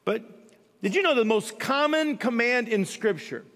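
Male guest pastor, high voice, humorous self-mocking storytelling, long hall reverb. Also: animated, moderate pace, fairly bright tone. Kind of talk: storytelling sermon.

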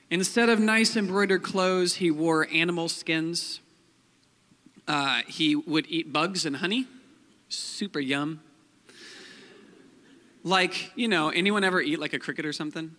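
A man's voice: on the high side, measured pace, pauses often, sharp tone. A young man giving a casual, joking sermon as a pastor, full of fillers like "like" and "um". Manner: chatty, joking, many fillers like "like" and "um". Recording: long hall reverb.

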